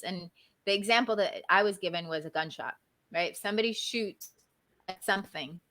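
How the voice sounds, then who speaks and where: A woman guest speaker and coach, talking casually in an interview, animated and often asking "right?". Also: medium pitch.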